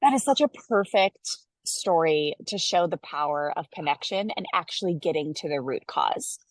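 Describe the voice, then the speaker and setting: A woman's voice: on the low side, animated, normal speed, no echo. A woman, a mother, hosting a parenting chat and talking in an earnest, encouraging way, often checking in with "right?". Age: adult mother of children. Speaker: host and parenting coach. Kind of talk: casual interview chat.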